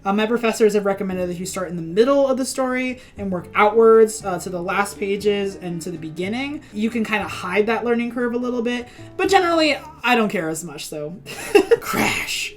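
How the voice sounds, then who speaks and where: A woman's voice: medium pitch, expressive, brisk, soft background music. A young adult woman, a cartoonist, talking casually and self-deprecatingly about her own comic. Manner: chatty, self-deprecating, laughs easily.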